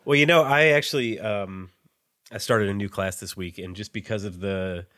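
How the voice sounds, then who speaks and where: A man's voice: on the low side, normal speed, sharp tone, no room sound, clean studio sound. A man co-hosting a writing podcast, chatting casually with lots of "like" fillers. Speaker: podcast co-host.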